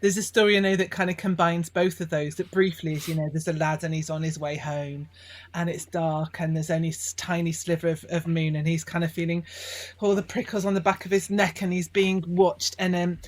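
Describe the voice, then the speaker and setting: A woman's voice: on the low side, steady tone, a little fast. Enthusiastic British woman host. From Britain. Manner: enthusiastic, chatty. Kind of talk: casual chat.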